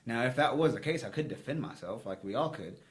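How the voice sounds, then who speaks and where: A man's voice: mid-range voice, animated, quick pace. A man from the United States on a podcast, giving blunt, rambling opinions with a lot of swearing. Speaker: podcast co-host. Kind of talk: casual podcast discussion.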